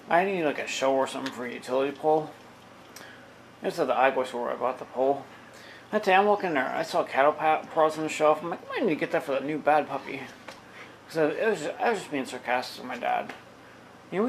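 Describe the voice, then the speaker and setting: A man's voice: mid-range voice, creaky, slight background noise, poor audio. A man rambling sarcastically in a casual vlog, talking to his dog between stories. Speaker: vlogger.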